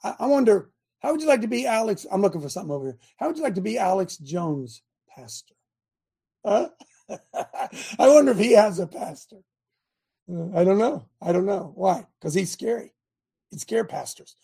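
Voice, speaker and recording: A man hosting a talk show, preaching and mocking in an animated way and throwing questions at his listeners. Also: high voice, moderate pace, vocal fry, breathy edge. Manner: animated, sermonizing, mocking, asks the audience questions.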